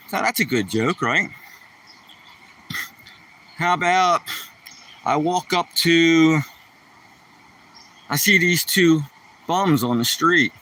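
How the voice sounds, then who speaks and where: A man's voice: a little high, expressive, takes it slowly, long pauses, pushed and bright, far from the mic, slight background noise. A man hosting a casual livestream, rambling through corny jokes and mocking himself. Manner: rambling, self-mocking joke teller. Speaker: livestream host. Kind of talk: casual joke-telling livestream.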